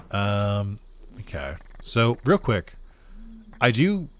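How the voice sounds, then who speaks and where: A man's voice: on the low side, a bit bright. A man doing casual let's-play commentary for his gaming channel, rambling with lots of fillers and chuckles. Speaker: gaming YouTuber.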